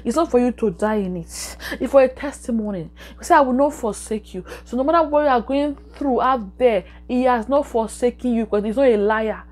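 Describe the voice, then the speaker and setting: A woman's voice: on the high side, a little fast, hardly any pauses, a little mellow. Fervent woman preaching and praying. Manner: repetitive, exhorting, emphatic. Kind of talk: sermon and prayer.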